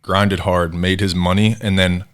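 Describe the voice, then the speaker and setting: A man's voice: low voice, measured pace, clear, resonant tone. A man in his thirties from New Jersey, a podcast guest telling stories casually and acting out the people he quotes. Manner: animated, acts out quoted voices. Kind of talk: casual storytelling interview.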